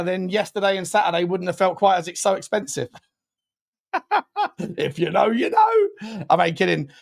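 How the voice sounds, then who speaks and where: Young man, rambling live-stream host with a fairly high voice and excitable shout-outs. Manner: rambling, chatty, thanks viewers warmly with bursts of loud excitement. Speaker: fan channel host. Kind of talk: casual live-stream chat.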